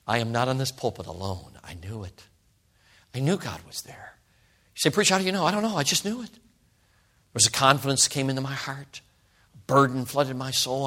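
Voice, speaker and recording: A man in his sixties, a pastor telling a story in a sermon, swinging from loud outbursts to hushed whispers. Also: mid-range voice. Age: 60s.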